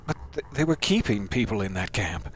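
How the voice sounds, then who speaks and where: A man voicing a prim young woman aide who reacts in a gently shocked, prim way. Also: fairly low pitch, very animated, a little fast, slight background noise.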